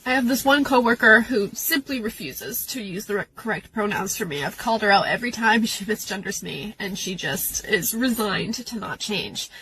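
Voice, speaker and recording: A woman's voice: medium pitch, animated, normal speed, few pauses, crowd noise, low-quality recording. A young adult woman venting about a workplace conflict in a personal video, upset and tearful, with nervous laughter breaking through. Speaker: worker recounting a conflict. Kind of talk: emotional personal vent video. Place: outdoors at a beach.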